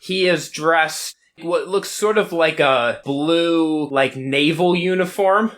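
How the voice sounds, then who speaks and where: A man narrating a tabletop game as game master in a relaxed way, with many fillers. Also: fairly high pitch, takes it slowly.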